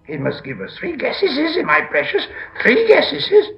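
A man voicing Gollum, a slimy male cave creature, in a shrill, hissing, whiny voice, on a slightly dull recording. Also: wildly swooping pitch, moderate pace, echoey room, faint music behind, full character voice. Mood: whining.

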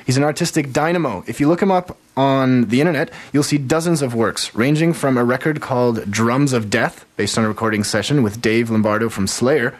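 A man's voice: mid-range voice, fairly quick, few pauses. Casual rambling male radio host. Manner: rambling with many fillers, self-mocking. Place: radio studio.

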